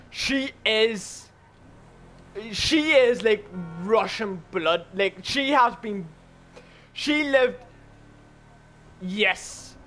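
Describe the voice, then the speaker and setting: A man telling a story in a casual, profane, animated way while gaming with friends. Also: sits high.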